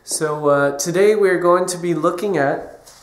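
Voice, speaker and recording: A man's voice: high voice, measured pace, reverberant. Congested, nasal man with a cold. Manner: casual, hesitant with many ums. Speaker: archery gear reviewer. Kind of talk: casual video review intro.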